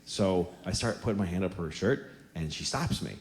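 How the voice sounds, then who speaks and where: A man in his forties doing a stand-up comedy set on a theater stage, telling blunt, exaggerated stories in an animated way. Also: low-pitched, normal speed. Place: theater stage before a live audience. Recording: roomy hall with audience noise.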